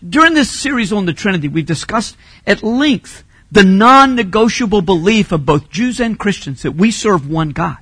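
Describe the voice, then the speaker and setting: A man preaching a teaching sermon with a high, bright voice. He explains grammar patiently, then drives his main points home with loud emphasis. The sound is dry and close. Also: normal speed, slightly rough, no room sound. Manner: teaching, emphatic, rises to shouting on key phrases. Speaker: pastor.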